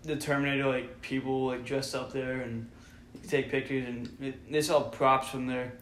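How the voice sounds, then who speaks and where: A man's voice: medium pitch, level tone, moderate pace, a bit bright. A young man chatting on a casual podcast. He is laid-back and hesitant, with lots of fillers. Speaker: podcast co-host. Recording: echoey room with faint noise.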